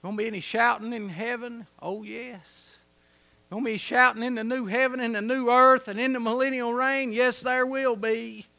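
A man preaching a folksy sermon, swinging from soft, low asides to loud shouts. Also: steady tone, moderate pace, gravelly.

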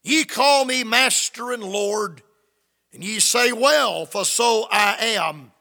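A man's voice: high-pitched, slow pace, gravelly, bright, forceful tone, in a large hall. A man preaching a fervent sermon, reading scripture and acting out the quoted lines.

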